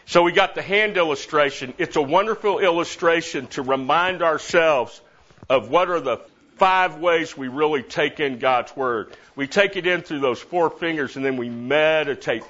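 Lively middle-aged man teaching scripture. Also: fairly high pitch, normal speed. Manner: lively, repeats verses and stresses different words. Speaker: Bible study teacher. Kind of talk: teaching a Bible class. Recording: dull lo-fi recording.

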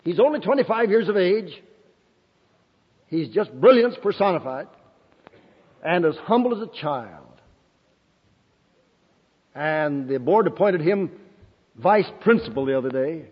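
An older man, principal of a Bible school, preaches a fervent testimony sermon in a slightly high, husky voice that is animated yet a little slow, with frequent pauses. He exclaims, shouts hallelujah and amen, and laughs often, captured on a dull old recording in a reverberant hall.

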